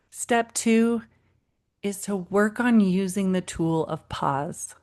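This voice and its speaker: A woman's voice: medium pitch, slow. A woman parenting coach hosting a solo podcast episode, speaking in an encouraging, friendly way and acting out quoted lines. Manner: warm, encouraging, acts out quotes with animated voices.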